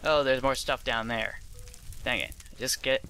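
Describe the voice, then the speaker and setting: A man's voice: medium pitch, fairly even intonation, normal speed, sharp tone, smooth. Young man commentating his own gameplay. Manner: self-deprecating, thinking aloud while playing. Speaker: let's play host. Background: game music.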